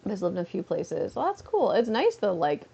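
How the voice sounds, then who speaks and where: Her mid-range voice swings hugely in pitch, with a creaky, dark, slightly rough quality at normal speed. She is a Canadian woman chatting casually on a livestream from a beanbag at home, rambling with lots of "like." The highs in the recording are cut off.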